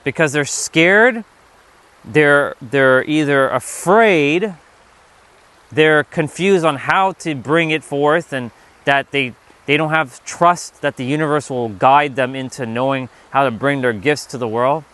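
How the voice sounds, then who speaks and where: A man's voice: a little high, takes it slowly, a bit bright. A man giving a motivational livestream talk, emphatic and profane, often repeating himself. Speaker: livestream speaker.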